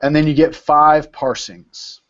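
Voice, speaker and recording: A man's voice: a little high, little pitch movement, unhurried, a bit bright, muffled recording. A man leading an informal study session over a video call, explaining step by step and repeating words as he thinks.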